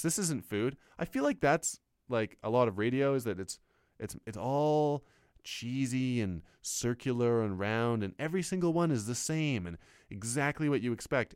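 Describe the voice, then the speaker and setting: Guy rambling on a radio show, pitch jumping all over, pokes fun at himself, dry close studio sound. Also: clear, resonant tone, dry recording. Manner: rambling, self-mocking, animated. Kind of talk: casual riffing monologue.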